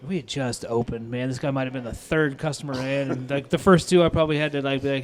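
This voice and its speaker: Man, Midwestern accent, restaurant owner, casual storytelling, animated, profane, lapel mic. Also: mid-range voice, fast talker. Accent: Midwestern American. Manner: animated storyteller, swears freely, acts out both sides of arguments. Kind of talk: casual chat.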